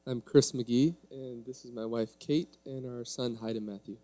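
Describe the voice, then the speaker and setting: A man's voice: mid-range voice, steady tone, normal speed, mellow. A man, a parent, briefly and plainly introducing his wife and child during a church dedication.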